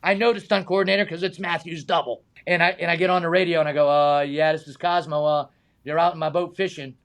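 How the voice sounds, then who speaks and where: The stunt man, a middle-aged high diver, speaks fast in a slightly high voice. He's a guest in a casual interview, recounting stories animatedly, voicing the characters and laughing often.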